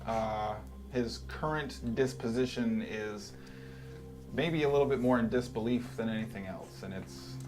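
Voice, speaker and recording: A male dungeon master narrates the scene and calls for checks in an easy, unhurried way. His voice sits at a medium pitch. Clear background music runs under the live stream. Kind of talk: narrating a tabletop game.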